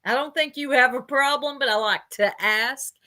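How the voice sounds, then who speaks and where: A woman's voice: sits high, moderate pace, bright, forceful tone. A woman giving casual livestream commentary while reading chat aloud, blunt and gossipy, with casual swearing.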